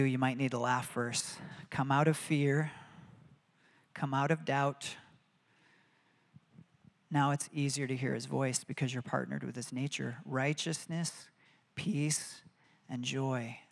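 A man's voice: mid-range voice, fairly even intonation, measured pace, gravelly, long reverb tail. A man preaching a sermon in an earnest, conversational way, with prayers spoken aloud.

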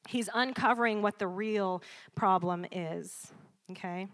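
A woman preaching a sermon in a lively, conversational way, laughing often and calling for responses from the congregation. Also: mid-range voice, measured pace.

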